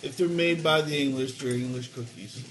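A man's voice: mid-range voice, normal speed, background noise. A man playing a tabletop game, dry and matter-of-fact. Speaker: player. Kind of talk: casual chat at a game table.

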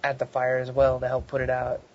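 A man's voice: medium pitch, monotone, a little fast, a little mellow, slight background noise. A man playing a tabletop game over a voice call, explaining his character's actions. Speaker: player. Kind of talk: casual tabletop play. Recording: dull lo-fi voice call audio.

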